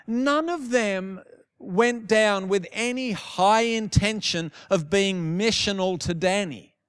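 A man's voice: sits high, clear, resonant tone. A man preaching a sermon, telling stories and repeating phrases for emphasis. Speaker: pastor.

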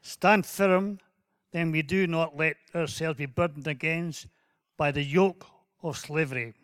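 Scottish man reading scripture slowly. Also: fairly high pitch, fairly even intonation, a bit bright, clear, resonant tone, dry recording, clean studio sound. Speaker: guest scripture reader.

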